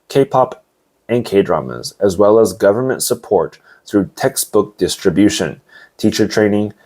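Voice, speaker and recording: Deep-voiced man teaching English news words. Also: darkish tone. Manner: explains words slowly, adds asides and checks. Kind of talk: news vocabulary lesson.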